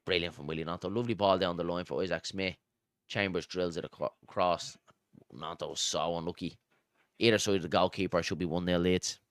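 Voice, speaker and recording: A man's voice: sits low, steady tone, brisk, clear, resonant tone, no room sound, studio quality. A man giving live, chatty fan commentary on a football match and joking with viewers on a stream.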